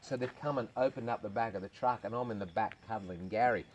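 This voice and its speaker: A fairly low-pitched Australian man, a comedian, rattles off crude, swear-laden stories in fast, casual talk on a farm. A little hiss or hum sits under the recording.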